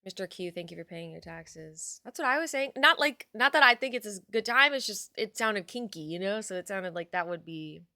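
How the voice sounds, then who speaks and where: A woman's voice: mid-range voice, lively intonation, a little fast, few pauses, bright, forceful tone, dry recording, clean studio sound. A young adult woman chatting casually on a live stream, reading out her chat and swearing now and then.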